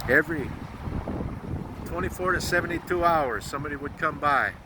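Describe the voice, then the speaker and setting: An American man with a somewhat high voice tells a heartfelt story outdoors, his voice close to breaking. He is earnest and blunt, and he swears now and then. Loud wind noise hits the microphone throughout. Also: moderate pace. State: close to tears. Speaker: truck driver vlogger. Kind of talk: emotional storytelling vlog.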